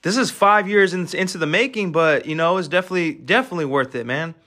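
A young man in his twenties delivers a swaggering, profane pep talk, piling on fillers as he hypes himself up. His voice sits a little high and comes out bright and forceful, with a pushy edge. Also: quick pace. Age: 20s. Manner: brash, profane and hyped, heavy filler talk. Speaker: podcast host. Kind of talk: casual motivational monologue.

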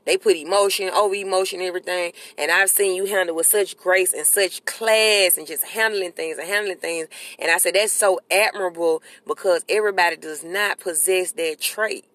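A podcast host, talking in a casual, animated and preachy way, often repeating short affirmations. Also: mid-range voice, normal speed, few pauses, no room sound. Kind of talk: casual chat.

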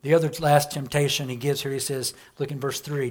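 A man's voice: mid-range voice, little pitch movement, a little fast, few pauses. A man preaching a sermon in an emphatic style, often asking his listeners questions.

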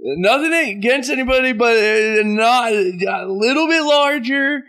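A man's voice: very high voice, measured pace, bright, forceful tone. A young man hosting a podcast, telling a story in casual chat and laughing at himself as he goes. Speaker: podcast host.

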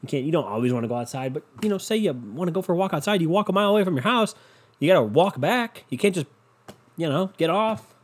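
A man in a casual rant monologue, profane and sarcastic, swinging between loud and soft into a desk microphone. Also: on the high side, expressive, fast, husky.

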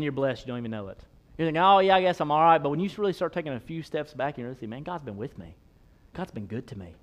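A man preaching a sermon, swinging between loud, punchy asides to the congregation and soft, slow scripture quotes. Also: fairly high pitch. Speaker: pastor.

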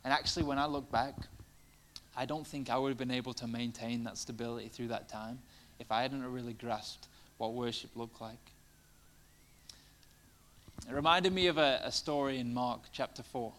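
A man's voice: mid-range voice, fairly bright tone. A man preaching a sermon in a conversational way, full of fillers, building to passionate emphasis.

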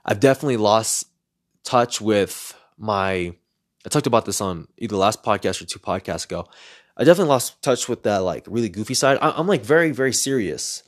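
A man's voice: fairly low pitch, lively intonation, fairly quick. Earnest man musing on his podcast. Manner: earnest, reflective, repeats words when searching for them. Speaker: podcast host. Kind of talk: solo podcast monologue.

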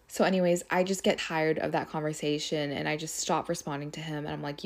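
A young woman hosts her own podcast and tells a story in casual chat. Her voice sits low and has a gravelly fry. She talks in an animated way, says "like" constantly and swears freely. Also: fairly quick, hardly any pauses. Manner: animated, swears often, lots of "like". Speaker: podcast host.

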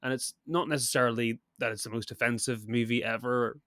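A man's voice: medium pitch, fairly even intonation, fairly quick, fairly bright tone, dry recording, clean studio sound. Man rambling through a film review. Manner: rambling, laughs often, many restarts. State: sick. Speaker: podcast co-host. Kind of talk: casual film review chat.

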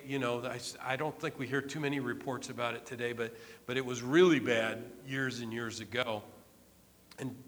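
A man preaching a sermon in a conversational storytelling way, repeating phrases and filling pauses. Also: mid-range voice, bright, forceful tone. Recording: long hall reverb.

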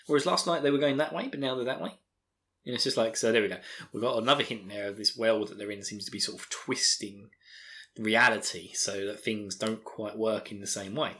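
A man's voice: medium pitch, a little fast, bright, forceful tone. A man with an Essex accent, hosting a podcast in casual, rambling chat with lots of fillers. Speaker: podcast host.

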